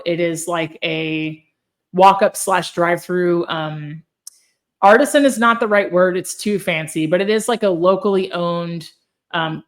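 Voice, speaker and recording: A woman with a fairly low voice co-hosts a casual food podcast. She tells her stories in a chatty, animated way and laughs often. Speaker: podcast co-host. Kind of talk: casual chat.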